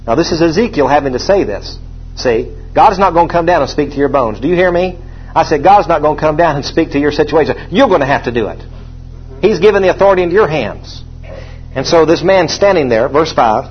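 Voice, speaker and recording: A man preaching a sermon, emphatic and repetitive, rising to loud proclamations when he reads scripture. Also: fairly high pitch, lively intonation, fairly quick, slightly rough. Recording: dull lo-fi sound.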